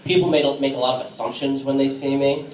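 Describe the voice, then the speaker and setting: Halting stand-up comic in an echoey bar. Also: male voice, medium pitch, steady tone, slight background noise. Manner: casual, halting delivery with many fillers. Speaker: stand-up comedian. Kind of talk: stand-up comedy set. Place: comedy bar stage. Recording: echoey room from a distance.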